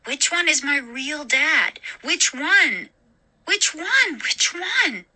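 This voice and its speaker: A woman voicing a frightened young girl who shouts desperately while holding an axe. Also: high-pitched, very animated, slow, voice pushed up, full character voice.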